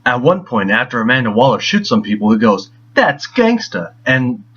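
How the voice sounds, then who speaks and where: Sarcastic male movie reviewer, husky. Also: medium pitch, fairly quick, fairly bright tone. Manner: sarcastic, mocking. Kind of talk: scripted film review. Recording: dull lo-fi voice.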